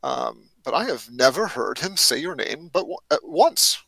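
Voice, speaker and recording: A man's voice: a little high, very animated, normal speed, vocal fry, pushed and bright, slightly rough, no room sound, exaggerated voice. A man voicing a cultured young nobleman, heir to an earldom, speaking formally and warily in a tabletop game. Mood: wary.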